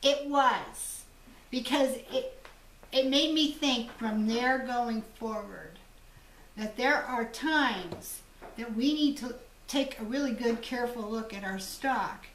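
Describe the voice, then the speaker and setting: A woman's voice: on the high side, slow, a little hiss or hum. A woman hosting a jewelry-making channel, chatting casually and telling stories to viewers. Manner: chatty, storytelling, laughs easily. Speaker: jewelry designer and channel host. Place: room in a home shop. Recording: echoey room, mic at a distance.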